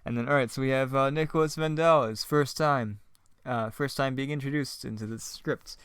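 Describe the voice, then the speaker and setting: A man's voice: mid-range voice, steady tone, normal speed, a bit bright, clean tone, no room sound, clean studio sound. A man casually commenting on a script he once wrote, rambling, self-mocking and laughing often. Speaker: online video creator.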